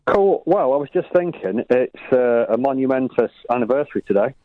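Northern English male co-host, relaxed and chatty, slightly muffled dry sound. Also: medium pitch, brisk, no echo. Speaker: radio co-host. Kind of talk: casual radio chat.

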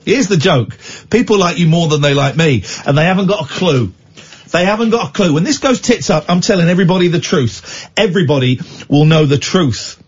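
A man's voice: a little high, lively intonation, a little fast, husky. A man hosting late-night radio, bantering with a co-host in mock outrage. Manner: playful, mock-outraged teasing. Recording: dull lo-fi radio studio sound.

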